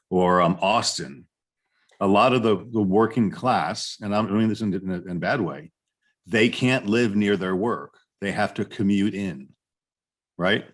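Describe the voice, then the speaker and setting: A man's voice: fairly low pitch, slightly rough. A man running a real estate office's weekly business meeting, talking bluntly and informally with joking asides. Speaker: real estate brokerage manager.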